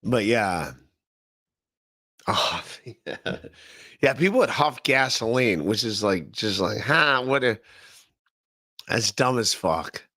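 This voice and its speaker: A gravelly man from Ohio in his thirties, talking to his chat on a livestream podcast. His voice has a bright, forceful edge, and his rambling, profane talk keeps breaking into laughter. The sound is dry and close to the mic. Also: on the low side, animated, takes it slowly, pauses often, no room sound. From Northeast Ohio. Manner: rambling, profane, laughing often, repeating himself. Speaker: podcast host. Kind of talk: casual livestream chat reading chat comments.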